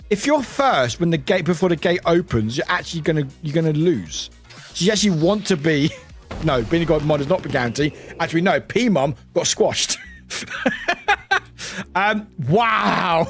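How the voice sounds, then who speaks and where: A man casually chatting with viewers on a live stream, animated and chatty, laughing often and exclaiming loudly. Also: high-pitched. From United Kingdom.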